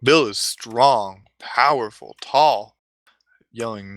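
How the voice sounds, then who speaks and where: A man telling a comic story in a deliberate way, with dramatic pauses and asides. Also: medium pitch, fairly bright tone, no room sound.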